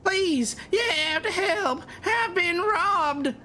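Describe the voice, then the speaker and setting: A man voicing a frantic elderly nursemaid, pleading in a high, tearful voice. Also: animated, takes it slowly, sharp tone, slight background noise, full character voice. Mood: distraught.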